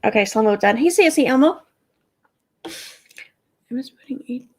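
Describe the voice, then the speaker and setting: A woman's voice: fairly high pitch, expressive, moderate pace, slightly rough. A woman with a Midwestern American accent hosting a casual livestream, rambling, swearing and answering her chat. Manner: rambling, profane, talks to chat. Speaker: livestream host.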